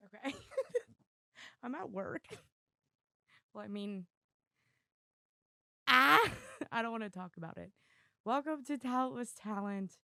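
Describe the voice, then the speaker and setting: A woman hosting her own podcast in casual chat, rambling and self-deprecating, laughing often, with her voice going hoarse. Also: a little high, lively intonation, takes it slowly, pauses often, bright, forceful tone, dry recording. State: losing her voice. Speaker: podcast host. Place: room at home with dogs. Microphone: desk mic on video.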